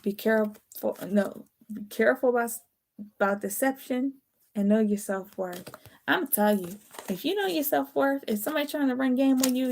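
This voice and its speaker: A woman's voice: on the high side, lively intonation, fairly quick, a little mellow. A tired woman giving a casual, late-night tarot reading, chatty and candid, swearing now and then. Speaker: tarot reader.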